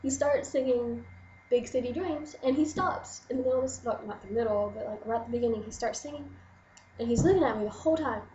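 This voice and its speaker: A young adult woman vlogger telling a story in an excited, rambling way, full of "like". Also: a little high, quick pace, roomy sound, highs cut off, a little hiss or hum. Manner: excited, rambling, gushing, lots of "like". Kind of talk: casual storytelling to camera.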